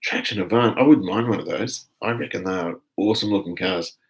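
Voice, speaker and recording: An Australian man hosting a casual live stream, chatting in a relaxed, rambling way as he reads out viewer comments. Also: low-pitched, a little fast, low-quality recording.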